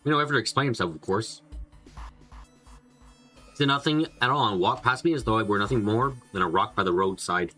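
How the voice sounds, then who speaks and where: A man's voice: lowish voice, lively intonation, a little fast, pauses often, sharp tone, faint music behind. A man reading a visual novel aloud and commenting casually, swearing and laughing often. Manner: swears a lot, laughs, chatty. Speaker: game streamer.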